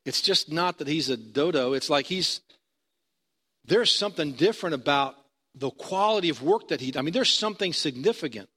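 A man's voice: a little high, expressive, moderate pace, pushed and bright, husky. A male pastor preaching a sermon in a conversational storytelling manner, building to emphatic points.

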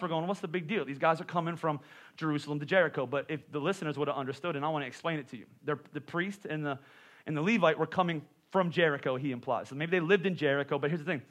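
Fast-talking, bright-voiced male pastor. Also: a little high. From Pennsylvania. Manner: animated storytelling with asides to the congregation. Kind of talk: sermon.

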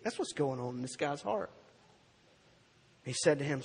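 A male preacher giving a sermon, telling a story in an animated way and slowing down for emphasis. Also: fairly high pitch, vocal fry, husky, in a large hall.

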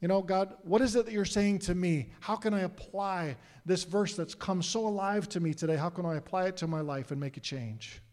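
A man's voice: high-pitched, fairly quick, few pauses, a little mellow. A middle-aged man, a pastor, preaching a sermon earnestly and asking the congregation questions. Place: church sanctuary. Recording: long hall reverb.

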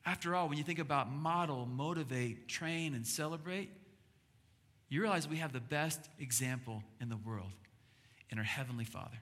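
A man's voice: medium pitch, normal speed, a bit bright. A middle-aged male pastor telling a family story in a sermon, earnest and repeating words as he builds up. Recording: long hall reverb with faint music.

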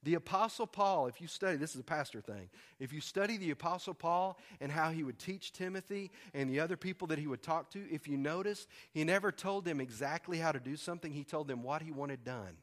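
A man's voice: a little high, fairly quick, few pauses. A man preaching a sermon as a pastor, conversational and emphatic, repeating key lines for weight.

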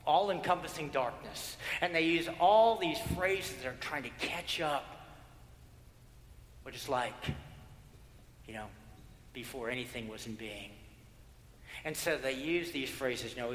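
A male pastor preaching a sermon, building through repeated phrases and dropping to hushed prayer. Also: mid-range voice, normal speed, pauses often, slight background noise. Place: church sanctuary. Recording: echoey hall with long reverb.

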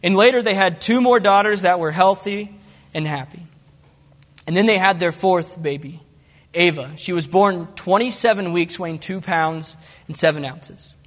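A young man preaches an earnest, pleading sermon as a guest in a church. His voice sits high for a man and carries a heartfelt tone. The sound rings with the long reverb of a church hall. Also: moderate pace. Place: church sanctuary.

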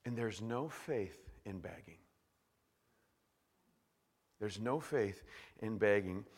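A man preaching a sermon in an animated way, swinging from hushed to loud. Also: lowish voice, slow, long reverb tail. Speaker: pastor.

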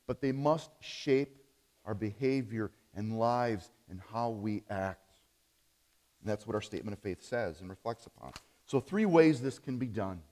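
A man preaching a sermon as pastor, emphatic, punching key words and letting phrase endings drop low. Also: long reverb tail. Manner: emphatic, swings between loud stresses and low dropped phrase endings.

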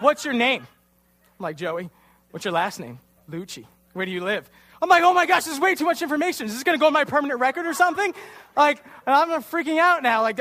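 A man's voice: high-pitched, a bit bright. A young man in his twenties giving a casual, self-deprecating youth sermon in a church, telling a funny story and acting out the quotes. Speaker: youth pastor.

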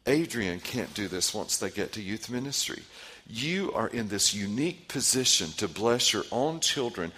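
A man's voice: lowish voice, pushed and bright, husky. A man in his forties, a pastor leading a parenting seminar, who asks the audience questions and repeats their answers. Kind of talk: interactive seminar talk.

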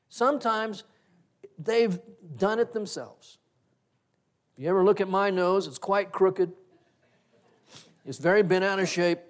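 A middle-aged man preaching a sermon, telling personal stories in an animated way and acting out the conversations in them. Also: high-pitched. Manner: animated storyteller, acts out quoted exchanges with laughter. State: breathes through one side of nose. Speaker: pastor.

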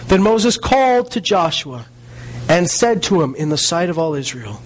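A male preacher giving a sermon, reading scripture aloud and stressing key words with slow, dramatic pauses. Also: a little high, very animated, a little hiss or hum, rough recording.

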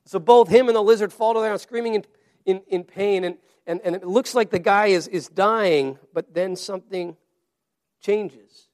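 A man with a high voice preaches a sermon to his congregation. He speaks earnestly, often doubling and restarting his words as he works through his points. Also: moderate pace, a little mellow. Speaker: pastor.

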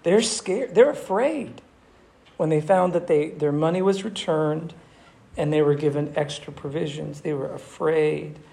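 A male pastor who preaches a sermon and retells scripture in an animated, emphatic storytelling manner. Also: fairly high pitch, moderate pace, creaky.

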